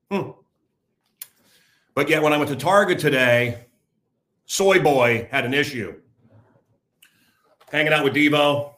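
Blunt, bright-voiced older man rambling. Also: a little high. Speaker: host. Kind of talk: casual monologue to camera.

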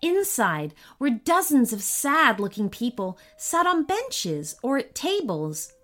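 A woman reading a children's story aloud with expressive, animated narration. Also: on the high side, takes it slowly.

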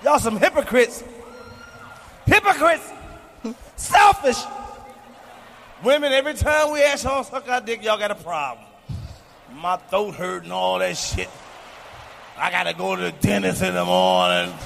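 A man in his forties doing a profane, boastful stand-up routine on stage, shouting his punchlines. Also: sits high, lively intonation, moderate pace, gravelly. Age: 40s. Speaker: stand-up comedian. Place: comedy stage before a live audience. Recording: live hall recording with faint noise.

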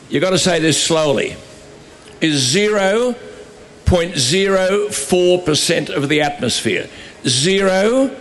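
A man addresses an outdoor rally through a stage microphone, his voice sitting a little high for a man. He speaks with emphatic, repetitive insistence and a sarcastic edge. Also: fairly bright tone, a little hiss or hum. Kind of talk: outdoor protest speech.

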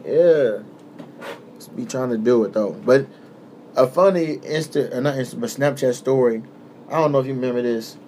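A young man hosting a podcast who tells a story in a relaxed, casual way, swearing often and acting out the voices of the people in it. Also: medium pitch, normal speed, a little hiss or hum. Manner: laid-back, swears often, acts out quoted voices. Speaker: podcast host.

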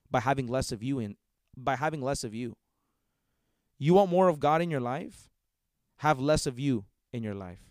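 A man's voice: medium pitch, darkish tone, dry recording, clean studio sound. A man hosting a podcast, preaching in a fervent, repetitive monologue full of restarts. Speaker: podcast host.

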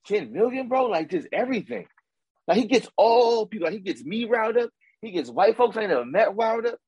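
A man co-hosting a casual sports talk show, ranting with animated repetition and slang. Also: sits high, a little fast, breathy edge, no room sound, lo-fi sound. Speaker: podcast co-host.

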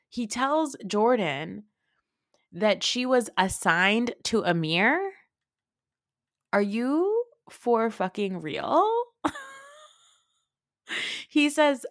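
A woman hosting a podcast, giving a casual, opinionated reality TV recap, swearing freely and mocking people with quick impressions. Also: on the high side, very animated, a bit bright, no room sound, studio quality. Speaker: podcast host.

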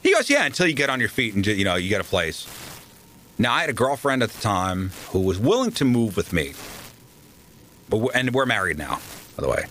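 A man, a radio DJ, telling animated stories in a casual interview and acting out the people he quotes. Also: on the low side, moderate pace, pauses often, a little hiss or hum. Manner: animated anecdotes, acts out quoted voices. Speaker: radio DJ guest.

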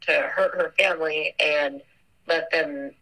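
Interviewee: young woman, bright tone, earnest and halting, lots of fillers. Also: low voice, fairly even intonation, low-quality recording. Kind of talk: personal recollection.

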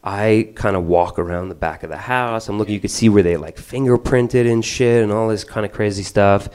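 A man telling a long story in stand-up style, profane, rambling and animated. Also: fairly low pitch, brisk, clear, resonant tone.

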